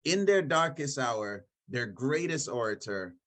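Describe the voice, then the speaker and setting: A man's voice: medium pitch, big pitch swings, a little slow, a bit bright. A man, the guest author, telling a story in a casual book discussion and building to rhetorical flourishes.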